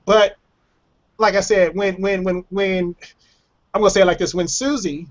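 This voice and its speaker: A man hosts a casual online hangout and tells his stories with lively flair. He repeats and restarts his words as he builds up to the point. The call audio sounds dull and lo-fi. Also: high voice, moderate pace. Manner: animated storyteller who acts out quotes and repeats words. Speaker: show host. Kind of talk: casual chat on a web hangout. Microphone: webcam or computer mic on a video call.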